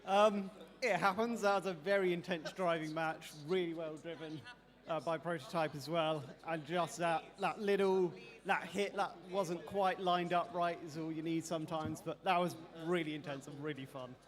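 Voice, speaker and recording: A man's voice: on the high side, steady tone, normal speed. Gracious male driver, echoey hall. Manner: gracious, good-humored in defeat. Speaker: robot driver. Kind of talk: post-fight interview. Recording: reverberant hall.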